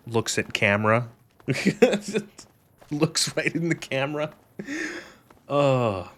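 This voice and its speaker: A man's voice: mid-range voice, sing-song, extremely slow, a bit bright. A young man on a gaming stream, rambling sarcastically with lots of swearing and laughter. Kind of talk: casual gaming stream commentary.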